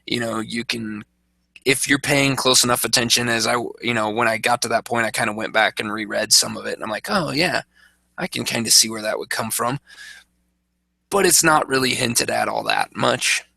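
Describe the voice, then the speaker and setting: A man co-hosting a podcast in casual chat, easygoing, with quick short reactions. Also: medium pitch, creaky, pushed and bright, dry recording, low-quality recording. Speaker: podcast co-host.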